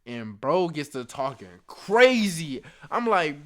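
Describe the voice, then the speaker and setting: Animated young man telling a story, slightly high voice. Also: moderate pace, few pauses. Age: young adult. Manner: animated, slangy, laughs often and acts out the dialogue. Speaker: storyteller vlogger. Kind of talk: casual storytime.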